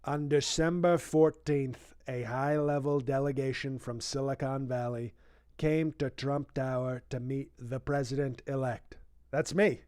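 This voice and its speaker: A man's voice: medium pitch, steady tone, a little slow, few pauses, a little mellow, dry recording, clean studio sound, lightly acted. A man doing a comic impression of a boastful older male politician, reading a book aloud and breaking off into rambling, self-praising asides.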